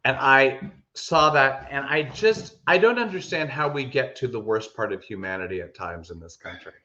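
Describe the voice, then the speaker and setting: A man co-hosting a podcast in casual chat, telling stories with animated emphasis and frequent restarts. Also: medium pitch, moderate pace. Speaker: podcast co-host. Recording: echoey room, dull lo-fi sound.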